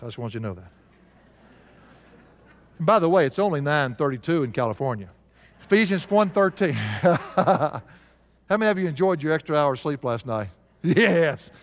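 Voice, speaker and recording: Emphatic male preacher in a reverberant hall. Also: a little high. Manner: emphatic, asks the congregation to answer aloud. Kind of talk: sermon. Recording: live sermon with long hall reverb.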